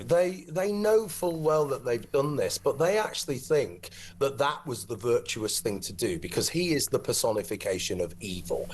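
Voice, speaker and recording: A male co-host on a TV talk show giving indignant, emphatic opinion commentary. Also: medium pitch. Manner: emphatic, indignant, repetitive for stress. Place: TV studio.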